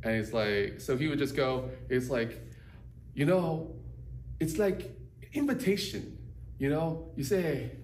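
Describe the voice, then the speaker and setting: A man's voice: mid-range voice, slow pace, pauses often, darkish tone. A man co-hosting a casual chat, rambling loosely with lots of fillers. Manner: rambling, loose, many "like" and "you know" fillers. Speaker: podcast co-host. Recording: roomy echo, distant from mic, faint background hum.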